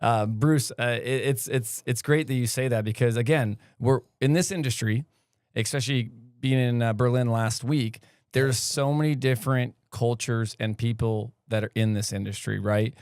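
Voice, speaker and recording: Rambling American podcast host. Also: male voice, mid-range voice, steady tone, normal speed, a little mellow, clean tone, dry recording, clean studio sound. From California. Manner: loose, rambling, often asks "right?". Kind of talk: casual conversation.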